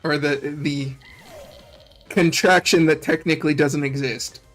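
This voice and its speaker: A man's voice: a little high, steady tone, measured pace, a bit bright, faint music behind. A man chatting casually on a livestream, teasing and laughing often. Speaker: streamer.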